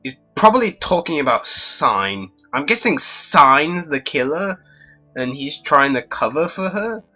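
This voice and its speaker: A man playing through a game and muttering casual asides to himself. His voice is bright and a little forward, the recording slightly dull, with faint game music underneath. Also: a little high, sing-song, a little slow. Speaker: let's play host.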